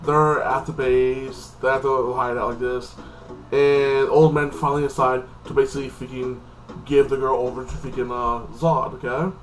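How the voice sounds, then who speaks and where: A man's voice: mid-range voice, little pitch movement, normal speed, a little hiss or hum, poor audio. Rambling man recapping a TV episode. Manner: loose, repetitive, heavy on "like this" fillers. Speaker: TV episode reviewer.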